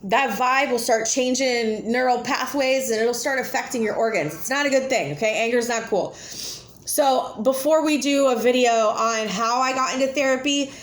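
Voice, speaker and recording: A woman talks straight to camera, blunt, chatty and quick to laugh. Her voice sits a little high for a woman. The room around her rings with echo. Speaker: vlogger. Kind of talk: casual talk to camera. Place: home with children nearby. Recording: echoey room.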